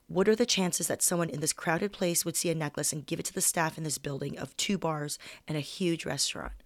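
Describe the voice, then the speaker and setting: A young woman comedian reads her own personal story aloud, candid and conversational, as if chatting with a friend. Her voice sits a little low. The recording is dry and close, with no room sound. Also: no room sound.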